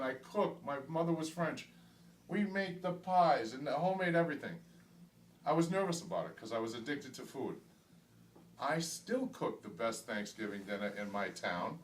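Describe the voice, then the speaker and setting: A man's voice: mid-range voice, moderate pace, echoey room. A middle-aged man giving a candid patient testimonial in a hospital room, emphatic and often repeating himself as he stumbles over words. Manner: emphatic, stumbling repetitions, grows excited and loud. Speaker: weight-loss surgery patient. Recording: distant mic with faint background hiss.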